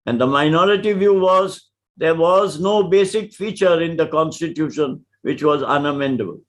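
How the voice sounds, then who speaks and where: An older man with an Indian English accent gives a lecture, telling anecdotes in a measured, emphatic way. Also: fairly high pitch. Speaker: senior lawyer giving a lecture.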